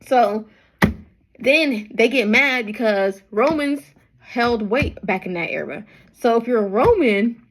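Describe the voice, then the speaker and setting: A young woman from Nigeria retelling a Bible story in casual slang, acting out the people in it with lively quoted voices. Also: rough recording. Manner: animated, acts out crowds with high-pitched quoted voices and slang. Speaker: bible study vlogger.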